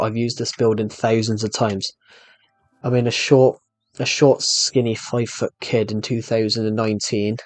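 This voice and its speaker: A man's voice: mid-range voice, no echo. Rambling young British gaming streamer, man. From Britain. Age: young adult. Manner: rambling, self-deprecating, many restarts. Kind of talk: casual gameplay commentary with live chat. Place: room at home.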